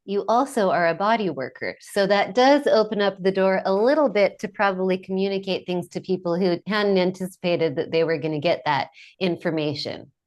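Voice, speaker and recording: A woman's voice: mid-range voice, brisk, hardly any pauses. A woman hosting an interview podcast, asking questions and affirming her guest often. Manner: supportive, frequent affirmations. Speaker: podcast host.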